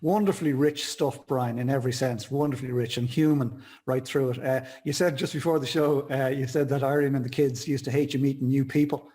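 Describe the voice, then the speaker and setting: A man's voice: medium pitch, steady tone, fairly quick, hardly any pauses, warm tone. A man hosting an interview, enthusiastically praising his guest. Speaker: host.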